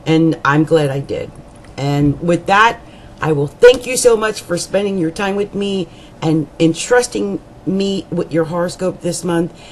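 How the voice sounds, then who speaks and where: A woman's voice: lowish voice, measured pace, a little hiss or hum, rough recording. A woman astrologer giving a monthly horoscope reading, talking in a rambling, colloquial, chatty way with jokes, asides and repeated words for emphasis.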